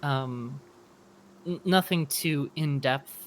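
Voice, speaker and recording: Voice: mid-range voice, slow pace, slight background noise. A player casually narrating their character's actions in a tabletop game.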